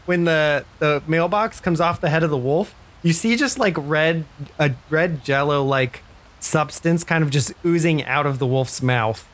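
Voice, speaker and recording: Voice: mid-range voice, unhurried. Rambling tabletop game master. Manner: rambling, many fillers.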